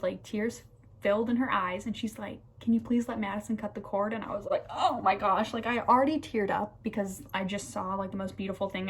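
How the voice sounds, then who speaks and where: A young American woman in her twenties chats through a personal story for her vlog. She gushes with enthusiasm, sprinkling in fillers and exclamations as she goes, in a voice of middling pitch. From United States. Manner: gushing, enthusiastic, lots of fillers like "like" and "oh my gosh". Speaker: nursing student vlogger.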